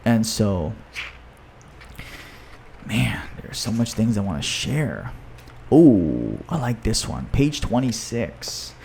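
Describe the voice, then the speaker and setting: A man's voice: lowish voice, sing-song, slow, vocal fry, long pauses, mellow, slight background noise. Upbeat, chatty man on a podcast. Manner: enthusiastic, conversational, lots of "you know" and "right?". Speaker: podcast host and author. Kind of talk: casual podcast talk.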